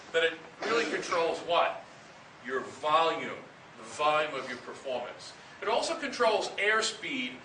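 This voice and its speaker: A man leading students through breathing exercises as a band director, patient and repeating key phrases as he counts aloud. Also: high-pitched. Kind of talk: instructional talk to students. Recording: echoey room, distant mic, noisy.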